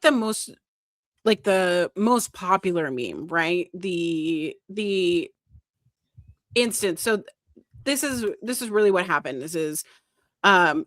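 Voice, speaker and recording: A woman co-hosting a casual podcast, retelling a story with lively emphasis and the odd swear word. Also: medium pitch, no room sound, studio quality. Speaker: podcast co-host. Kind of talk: casual chat.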